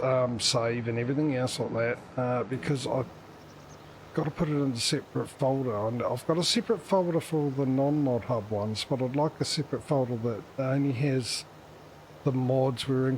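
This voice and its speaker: A man's voice: mid-range voice, darkish tone. Guy rambling on his farming game stream, chatty and a bit sarcastic, faint noise in the back. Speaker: livestream gamer host. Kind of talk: casual gaming livestream chat.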